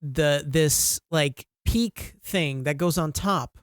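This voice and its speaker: A man co-hosts a casual podcast with an unhurried, laid-back delivery. He tells his stories slowly, with casual swearing. The recording is dry, with no room echo. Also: a little high, smooth. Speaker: podcast co-host. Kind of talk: casual chat.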